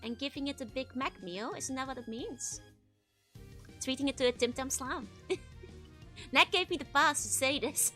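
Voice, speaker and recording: A woman's voice: high voice, normal speed, pushed and bright, faint music behind. A woman streamer in casual live-stream chat, answering viewer messages while she plays.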